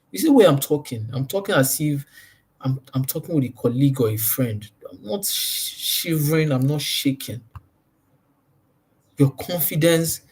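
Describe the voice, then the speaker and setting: A man's voice: fairly high pitch, breathy edge. A man giving a sales training talk, pressing each point hard and repeating key phrases. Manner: emphatic and repetitive, stresses points by repeating them.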